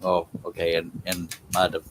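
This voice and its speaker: Man, very low voice, casual live-stream chat, rambling, self-deprecating, home workshop. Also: completely flat delivery, normal speed, background noise. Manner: chatty, rambling, self-deprecating, laughs at himself.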